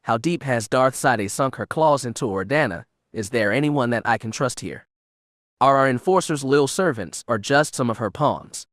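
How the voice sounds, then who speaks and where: A woman's voice: a bass voice, lively intonation, moderate pace, no echo, studio quality. A man voicing a cold, imperious female Sith lord. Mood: commanding. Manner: imperious, clipped orders.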